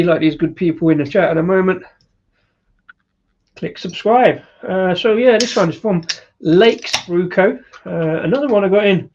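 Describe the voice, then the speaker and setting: A man's voice: high-pitched, a little mellow, muffled recording. A man hosting a casual live-stream beer review, rambling with lots of fillers and chuckles. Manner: rambling, with many fillers and laughs.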